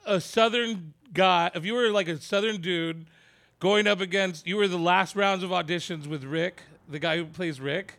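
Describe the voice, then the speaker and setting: A man's voice: high voice, normal speed, fairly bright tone. A man co-hosting a podcast in casual chat, chatty and rambling, often laughing. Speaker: podcast co-host.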